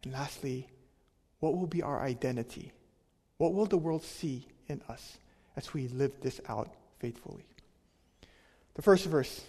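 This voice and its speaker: A man preaching a sermon as pastor, emphatic, with a voice that drops to a soft near-whisper on key words. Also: fairly high pitch, measured pace, long reverb tail.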